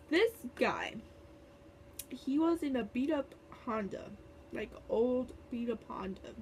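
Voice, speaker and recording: Young woman vlogging a story, high voice, sassy and chatty, faint hum behind. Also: takes it slowly, long pauses. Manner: chatty, lots of fillers, sassy. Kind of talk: casual storytime chat.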